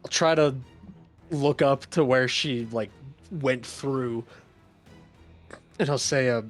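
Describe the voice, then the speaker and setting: A man at a tabletop game speaks in a mid-pitched, hesitant voice. He stops to restart his sentences as he tries to talk another character down, with faint music in the background. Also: slow pace, long pauses. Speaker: player. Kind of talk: casual tabletop play.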